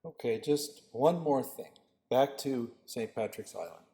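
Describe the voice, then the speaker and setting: A man giving a guest lecture, telling lively anecdotes about a park design project. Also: mid-range voice, a little slow, faint music behind. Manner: storytelling, animated quoted voices. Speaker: guest lecturer, landscape architect. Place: lecture hall. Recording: echoey lecture hall.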